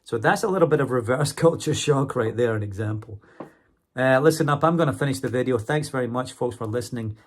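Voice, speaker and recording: A man's voice: medium pitch, fairly quick, a little hiss or hum. A man talking casually to his viewers in a vlog, chatty, often checking in with "okay?" and "right?". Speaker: vlogger and English teacher.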